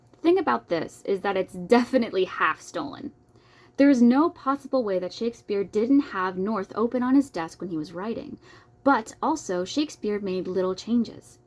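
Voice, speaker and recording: A woman's voice: medium pitch, lively intonation, moderate pace. A young adult woman reading a nonfiction book aloud, breaking off for playful, self-deprecating comments. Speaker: book reader.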